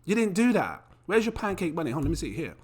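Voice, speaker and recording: A man giving a casual, animated to-camera talk about crypto, full of rhetorical questions. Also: on the high side, rapid-fire, slightly rough. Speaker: crypto YouTuber.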